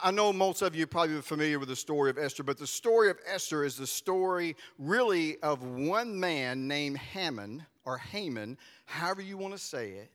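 Animated preacher in an echoing church. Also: male voice, on the high side. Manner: animated, conversational, addresses congregation directly. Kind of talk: sermon. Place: church sanctuary. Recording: long reverb of a large hall.

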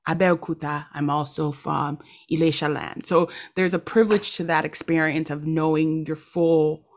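Low-voiced expressive woman podcast host. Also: normal speed, a little hiss or hum. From Nigeria. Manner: expressive, with emphatic exclamations and reflective asides. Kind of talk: casual conversational interview.

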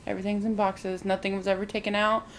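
A woman's voice: medium pitch, flat delivery, fast talker, a little hiss or hum. A woman in casual chat, animatedly retelling a movie plot and acting out the characters' lines, with frequent "like".

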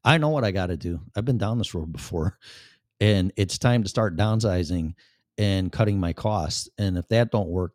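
Blunt Chicago-accented man in his fifties, lowish voice, profane rambling podcast host, dry close mic. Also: warm tone, no room sound. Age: 50s. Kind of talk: casual monologue to listeners.

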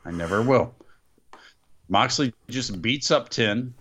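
A man co-hosting a casual podcast, recapping in an animated, jokey way from a studio. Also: medium pitch, takes it slowly. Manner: animated, jokey, puts on voices when quoting. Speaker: podcast co-host recapping wrestling. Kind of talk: casual chat.

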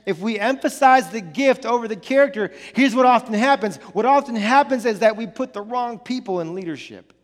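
A male pastor with a notably high voice delivers an earnest sermon, hammering his points by repeating them. His words trail off into a long, ringing reverb from a large hall. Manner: earnest, repetitive emphasis with many restarts.

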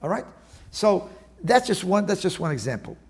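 A man with a gravelly, fairly high voice is the guest in a casual interview, an attorney who also wrote an index. He speaks at a moderate pace, animated and digressive, often restarting his sentences and using Talmudic terms.

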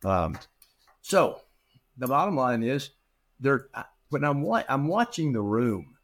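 A man's voice: mid-range voice, slow. A middle-aged man, a guest in an interview, telling a long anecdote and acting out the dialogue, with frequent restarts and repeated words. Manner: animated storyteller who acts out quoted dialogue. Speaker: interview guest, practice management consultant. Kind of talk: storytelling in a podcast interview.

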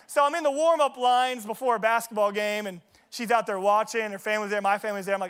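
A man's voice: sits high, fairly even intonation, fast, hardly any pauses, fairly bright tone, clean tone. A young man preaching a sermon in a casual, joking way, telling stories from his own life at a church service. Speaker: pastor. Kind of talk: sermon with personal storytelling.

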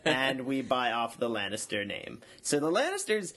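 A man's voice: mid-range voice, sing-song, a bit bright. Joking young man rambling through a recap. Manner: jokey and rambling, often slipping into quick mock voices. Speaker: podcast co-host recapping a show episode. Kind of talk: casual comedic recap.

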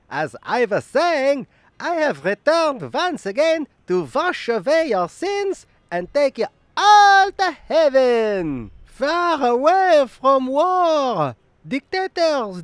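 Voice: high voice, dry recording, exaggerated voice. A performer voicing a male Jesus figure who keeps cutting in with exasperated protests. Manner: keeps interrupting with "oi", pleading.

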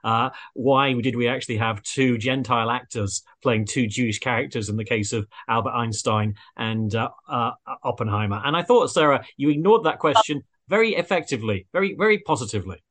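A man's voice: mid-range voice, a little fast, hardly any pauses, a bit bright. A man hosting a panel chat, wordy and hesitant with many fillers. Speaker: host. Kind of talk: radio-style panel chat.

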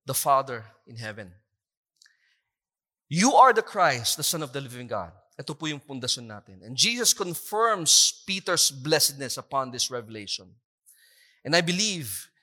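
A man's voice: fairly high pitch, bright, forceful tone. A man with a Filipino accent preaching a sermon, mixing English and Tagalog, stretching out scripture quotes for emphasis and asking the congregation to respond. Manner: slows down for emphasis when quoting scripture. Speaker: pastor.

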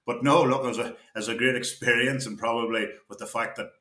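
A man's voice: mid-range voice, steady tone, quick pace, pushed and bright. A Northern Irish man from Tyrone, a guest telling rambling anecdotes in casual chat, quoting others and laughing often. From County Tyrone, Northern Ireland. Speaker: guest, former county footballer. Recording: roomy echo.

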